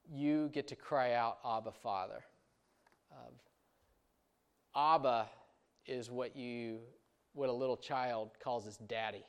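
Smooth-voiced man preaching casually. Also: medium pitch. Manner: conversational, many asides and fillers. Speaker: pastor. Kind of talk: sermon.

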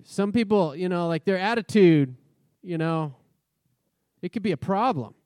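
Man, pastor, sermon, chatty and questioning, smooth resonant voice, dry close sound. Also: high voice, expressive, moderate pace, a little mellow, no echo. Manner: conversational, asks the congregation questions.

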